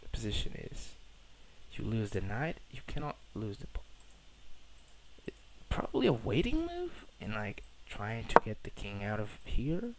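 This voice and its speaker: A man's voice: on the low side, wildly swooping pitch, unhurried. A young man from Portugal casually talking through his own chess game, rambling, self-correcting and slangy, on a cheap mic. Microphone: poor-quality microphone. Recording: cheap mic with loud noise.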